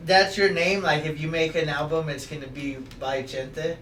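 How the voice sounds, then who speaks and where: A man's voice: on the high side, fairly even intonation, normal speed, fairly bright tone. Male co-host, easygoing slang-heavy interviewer, recorded from across a roomy space with faint noise. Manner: laid-back, slangy, encouraging. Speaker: podcast co-host. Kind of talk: casual interview chat. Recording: echoey room, distant mic, faint noise.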